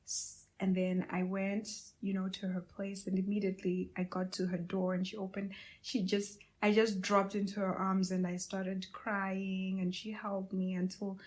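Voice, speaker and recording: A woman's voice: mid-range voice, little pitch movement, normal speed. A young woman podcast host telling a candid, emotional personal story to her listeners, with many fillers.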